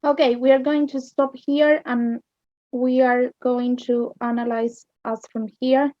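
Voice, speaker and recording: A woman with an Argentine accent teaching English literature, explaining slowly and checking understanding with "yes?". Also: high-pitched, little pitch movement, a little hiss or hum. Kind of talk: recorded online lesson. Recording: dull lo-fi sound.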